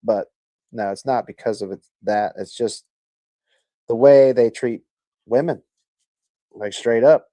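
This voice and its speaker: A man's voice: medium pitch, slow pace, pauses often, warm tone, no echo. Crude, laid-back male stream host. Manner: crude, joking, swears a lot. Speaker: livestream host. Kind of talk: casual chat reading viewer comments.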